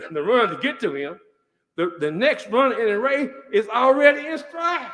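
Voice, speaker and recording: A man delivering a measured, preacher-like speech at a commemoration. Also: high voice, fairly bright tone. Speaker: speaker at a commemoration. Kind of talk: oratorical speech. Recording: echoey church hall.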